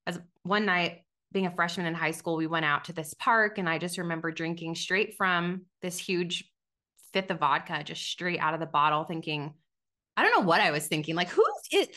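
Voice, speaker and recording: A woman's voice: lowish voice, sharp tone. A woman in her thirties telling her own story as a podcast guest, candid and conversational, with many fillers and restarts. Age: 30s. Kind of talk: personal testimony.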